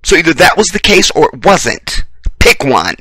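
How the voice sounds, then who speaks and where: A blunt American man delivers a heated, preachy monologue full of profanity, repeating short phrases for emphasis. His voice is bright and pointed. It is recorded close on a dry mic with no room sound. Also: a little high, big pitch swings, normal speed, breathy edge, no echo. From United States. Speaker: video commentator. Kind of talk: impassioned commentary rant.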